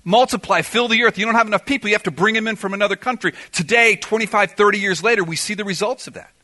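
A man's voice: high voice, fast, sharp tone. A man preaching a sermon in an auditorium, emphatic, firing off rhetorical questions and answering them himself. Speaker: pastor.

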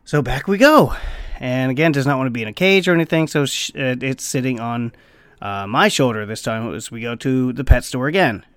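A man casually telling a story on his vlog. He swears freely and breaks into squeaky bird noises. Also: a little fast, a bit bright, clear, resonant tone, no room sound. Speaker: vlogger.

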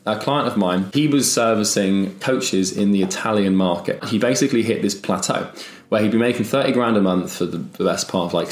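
Young male business coach, low voice, casual and punchy with rapid-fire questions, recorded in an echoey room. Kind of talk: casual talking-head business advice. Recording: echoey room with faint music.

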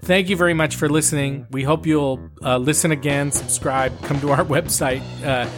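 A man's voice: on the high side, steady tone, moderate pace, music in the background. A middle-aged man co-hosting a podcast in casual chat, rambling and joking with plenty of fillers. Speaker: podcast co-host.

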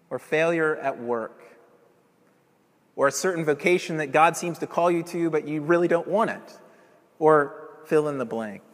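A man's voice: on the high side, big-room sound. A man preaching a sermon in earnest, emphatic tones, building through rhetorical questions.

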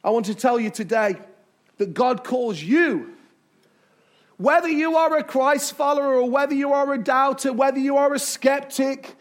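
A man preaching as a pastor in a church, emphatic, with dramatic pauses and repetition. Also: extremely high pitch. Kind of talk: sermon. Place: church sanctuary.

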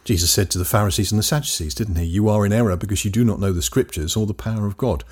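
A man teaching a Bible lesson, reading scripture aloud emphatically with dramatic pauses. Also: lowish voice, darkish tone, slightly rough.

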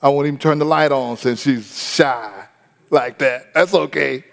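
A man's voice: mid-range voice, fairly even intonation, unhurried, creaky, in a large hall. A man preaching voices a lovestruck young groom, speaking his thoughts with emphatic exclamations. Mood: musing.

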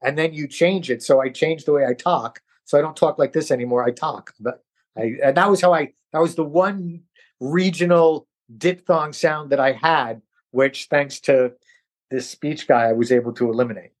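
A man's voice: a little high, normal speed. A middle-aged man from New York, an actor guest, telling stories in a casual interview and acting out the voices of people he quotes. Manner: animated, acts out quoted voices.

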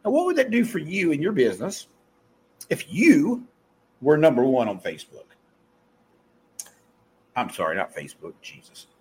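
A middle-aged man with a softened Southern US accent, hosting a podcast and giving a blunt, profane motivational pep talk that he keeps correcting mid-sentence. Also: a little high, wildly swooping pitch, moderate pace, pauses often, a little hiss or hum. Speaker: podcast host. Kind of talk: casual motivational monologue.

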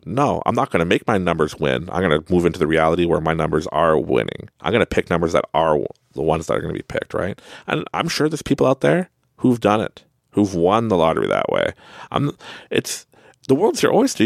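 A man with a Canadian accent hosting a podcast, giving a casual motivational monologue, animated and laughing often. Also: deep voice, creaky, no echo, studio quality. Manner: animated, laughs often, tags lines with "right?". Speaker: podcast host.

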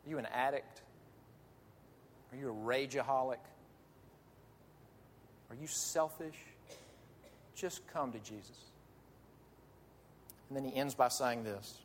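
Speaking slowly and pausing often, a pastor with a medium-pitched voice preaches in a church sanctuary. He is earnest and pleading, pressing his listeners with repeated questions. Slight background noise mixes with the long reverb of a large hall.

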